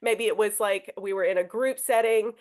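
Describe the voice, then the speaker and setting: A woman's voice: mid-range voice, moderate pace, a little mellow. A woman teacher talking through a lesson on a live podcast, chatty and hesitant, often restarting her sentences.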